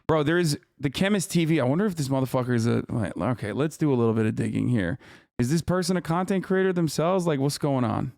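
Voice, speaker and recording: Male streamer in his thirties, heated profane reaction rants, smooth resonant voice, dead-dry close mic. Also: medium pitch, fast, a little mellow, dry recording. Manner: profane, combative, ranting at his chat. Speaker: live streamer. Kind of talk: live-stream reaction commentary.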